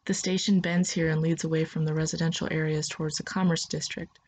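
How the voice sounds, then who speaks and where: Husky low woman narrating a story. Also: little pitch movement, fast talker, a little mellow. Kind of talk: second-person story reading.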